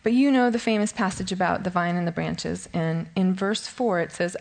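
A woman's voice: on the low side, moderate pace, creaky, few pauses, a little mellow. A middle-aged woman giving a casual, self-deprecating Bible study talk, laughing often and a bit shaky with nerves. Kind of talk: informal teaching talk.

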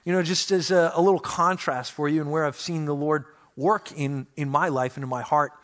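A man, a pastor, preaching a sermon with animated, self-mocking storytelling and playful complaints to God. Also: on the high side, brisk.

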